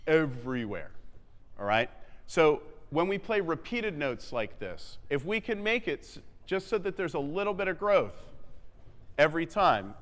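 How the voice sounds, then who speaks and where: A man coaching a wind band in rehearsal, giving quick feedback, singing melodic lines on syllables and counting the players in. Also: a little high. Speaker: band clinician. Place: large theatre stage. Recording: echoey hall, long reverb.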